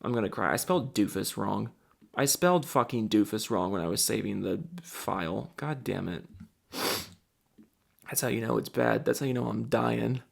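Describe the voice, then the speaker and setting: A man's voice: lowish voice, lively intonation, normal speed, creaky. A sick, tired man reading a long list of supporter names at speed, rambling and swearing in mock despair. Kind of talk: rapid-fire reading of a name list.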